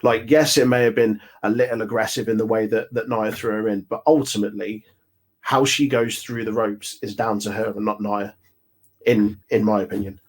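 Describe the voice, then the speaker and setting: A man from Coventry with an English Midlands accent, a podcast guest speaking from his home office, easygoing and quick to laugh. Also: on the low side, flat delivery. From Coventry, England. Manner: easygoing, laughs often, measured opinions. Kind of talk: casual wrestling chat.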